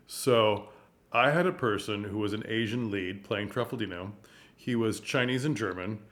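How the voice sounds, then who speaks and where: Male theatre director, casual lesson, animated delivery that acts out bits of scenes. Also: medium pitch. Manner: animated, acts out lines and gestures. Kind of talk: casual teaching monologue.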